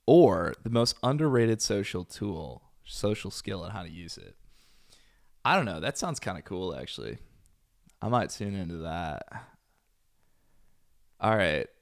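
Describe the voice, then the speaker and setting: A deep-voiced man with a gravelly edge chats bluntly through a casual reaction stream. His pitch swings a lot as he rambles with fillers and asides. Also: very animated, measured pace, pauses often.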